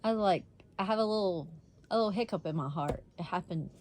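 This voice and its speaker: A woman's voice: fairly low pitch, fast talker, background noise. A woman vlogger telling a story in a casual, blunt way, swearing freely and laughing often.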